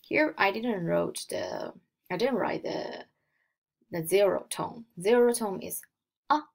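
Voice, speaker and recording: A young woman with a Mandarin Chinese accent teaching a beginner Mandarin lesson in English. She explains slowly, step by step, and models the tones aloud. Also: medium pitch, gravelly, a little mellow. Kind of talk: recorded slideshow lesson.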